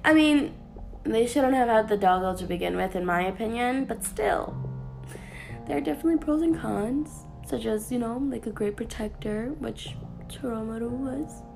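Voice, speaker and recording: A woman talking casually to her viewers in an anime review, chatty and animated, with playful asides. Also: a little high, moderate pace, creaky, music in the background.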